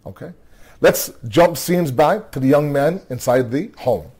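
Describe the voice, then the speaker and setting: A fairly high, expressive voice with a slightly mellow, breathy edge carries this tired man's unhurried telling of a religious story to a nightly gathering. Yawning as he goes, the religious speaker keeps it conversational, restarting phrases often and asking "okay?"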